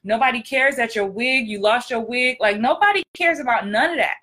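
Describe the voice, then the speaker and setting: A woman coaching actors in a casual podcast monologue, direct and blunt, hammering her points home by repeating them. Her voice sits a little high and sounds bright and forceful. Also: fairly quick. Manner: emphatic, repetitive punchlines. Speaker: acting coach and podcast host.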